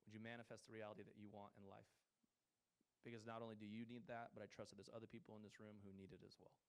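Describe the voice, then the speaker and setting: A man's voice: on the low side, flat delivery, fast talker, clear, resonant tone. Man, pastor, sermon, earnest, emphatic, resonant voice. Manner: earnest, builds to emphatic declarations. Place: church hall before a congregation.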